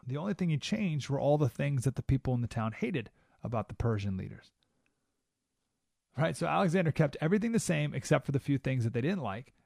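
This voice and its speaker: A man's voice: mid-range voice, sing-song, a little fast, vocal fry, darkish tone, no room sound. A man hosting a talk radio show, giving an emphatic monologue full of rhetorical questions in a studio. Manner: emphatic, rhetorical questions, keeps asking "right?".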